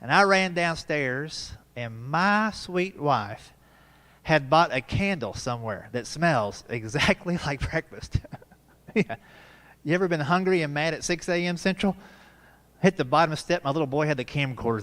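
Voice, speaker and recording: Guy in his 40s doing stand-up, chatty down-home stories, voice sits a bit high. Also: expressive, moderate pace, fairly bright tone. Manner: folksy storytelling with asides to the audience. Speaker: comedian. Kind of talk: stand-up comedy. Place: church performance space.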